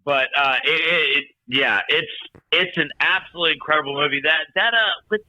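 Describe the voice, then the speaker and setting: Bright-voiced rambling man, lo-fi. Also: fairly high pitch, brisk, no room sound. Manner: rambling, many restarts and fillers. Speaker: podcast co-host. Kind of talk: casual chat.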